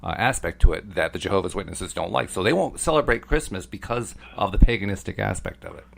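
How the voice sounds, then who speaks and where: A middle-aged man co-hosting a podcast, chatting casually in a measured, explanatory way. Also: deep voice, creaky, background noise. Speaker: podcast co-host. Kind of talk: casual chat.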